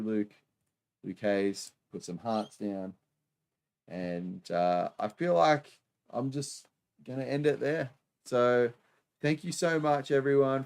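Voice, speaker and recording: A man's voice: fairly low pitch, a little mellow. A man from Australia with an Australian accent, hosting a live stream and chatting casually through viewer comments, with lots of fillers and laughs. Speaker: livestream host.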